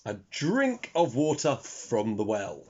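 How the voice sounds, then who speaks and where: Slow, husky man reading a children's story. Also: medium pitch. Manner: expressive, talks to young listeners. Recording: dull lo-fi recording.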